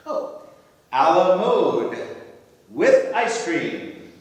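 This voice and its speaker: A man's voice: sits high, big pitch swings, drawn-out words, full character voice. A man acting a self-doubting writer and husband with a wry, self-deprecating manner, performed on a theatre stage. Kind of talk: amateur stage comedy acting. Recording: echoey hall, from far off.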